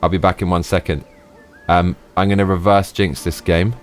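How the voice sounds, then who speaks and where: A man's voice: low-pitched, level tone, normal speed, faint music behind. A man streaming a game live, chatting casually, swearing freely and laughing often. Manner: profane, exclamatory, laughs often.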